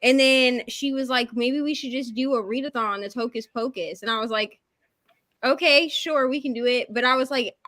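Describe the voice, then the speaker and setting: A woman with a bright, somewhat high voice chats on a video call with friends. She talks in a lively storytelling way and acts out what she was thinking. The sound is that of a home video call. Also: normal speed. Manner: chatty storyteller, acts out her own reactions. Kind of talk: casual group video chat.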